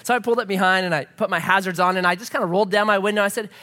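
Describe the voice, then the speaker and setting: Speaking very fast in a high-pitched voice, a middle-aged male pastor delivers a sermon in a large hall. His storytelling is animated, and he performs the quoted voices of the characters.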